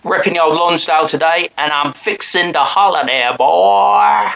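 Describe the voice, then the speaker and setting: A man's voice: on the high side, normal speed, vocal fry, sharp tone, dull audio. An English man putting on a crude, rambling southern American character with a drawling twang. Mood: mocking.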